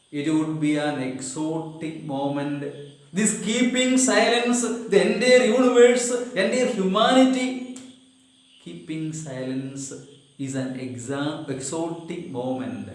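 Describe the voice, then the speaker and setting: A man teaching an English poetry lesson, explaining lines slowly, repeating himself and asking the students rhetorical questions. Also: high voice, a little mellow. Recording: very echoey room.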